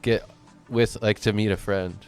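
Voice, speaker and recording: A man hosting a live-streamed talk show, chatting casually in a relaxed, rambling way with occasional chuckles. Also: lowish voice, a little slow, soft background music. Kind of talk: casual chat.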